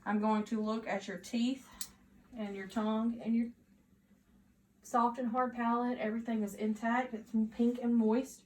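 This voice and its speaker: A woman's voice: a little high, unhurried, slight background noise. Woman narrating a nursing exam. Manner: steady, instructive, step-by-step directions. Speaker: nursing student performing an exam. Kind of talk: narrated physical assessment demo. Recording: echoey room with faint ambience.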